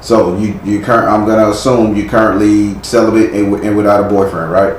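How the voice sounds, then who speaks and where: A man's voice: on the low side, fairly even intonation, brisk. A man giving a live tarot reading, blunt and chiding with casual slang. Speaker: tarot reader. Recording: echoey room with faint noise.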